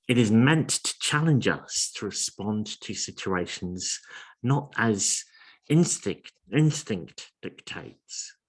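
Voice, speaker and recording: Speaking in a lowish voice, a man preaches in an earnest, measured manner, repeatedly posing questions to his audience.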